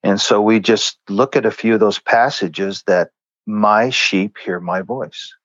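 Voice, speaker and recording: Earnest male guest, lowish voice, dry muffled lo-fi sound. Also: unhurried, fairly bright tone, dry recording. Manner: earnest, conversational, acts out quoted lines. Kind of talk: storytelling in a faith interview.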